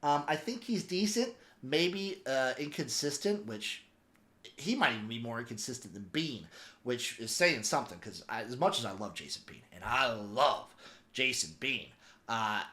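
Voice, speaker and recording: A man giving casual, opinionated sports commentary as a podcaster, rambling with animated asides. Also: medium pitch, moderate pace. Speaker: football podcaster.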